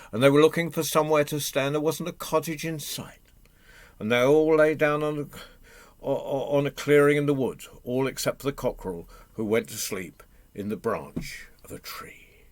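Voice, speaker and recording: A man telling a folk tale to families, animated, asking the audience questions and doing animal noises. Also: medium pitch, normal speed, dry recording. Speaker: storyteller. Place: home, online session.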